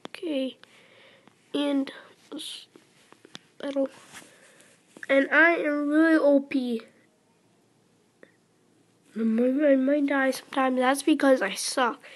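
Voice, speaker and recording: A teenage girl with a high voice narrates her mobile gameplay, talking slowly and hesitantly. She is nervous and apologetic, breaking into sudden excited yelps as the match heats up. The sound comes through a phone mic. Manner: excited outbursts during play. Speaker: gamer.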